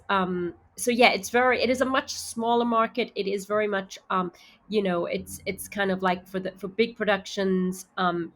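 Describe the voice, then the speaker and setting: A woman's voice: mid-range voice, fairly bright tone. A woman from Zimbabwe, an actor and podcast guest, talking candidly in a casual interview and thinking aloud as she explains.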